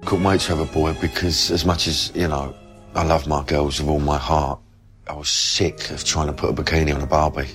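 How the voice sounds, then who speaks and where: A man's voice: extremely low pitch, flat delivery, a little fast, faint music behind. A middle-aged man with a Cockney accent ranting bluntly and swearing about parenting chores.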